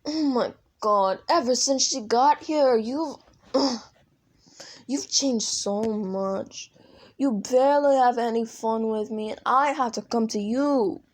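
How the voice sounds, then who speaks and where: A woman's voice: fairly high pitch, slow. A woman voicing a flamboyant, dramatic male demon in a fan audio role-play, whiny, theatrical and crude.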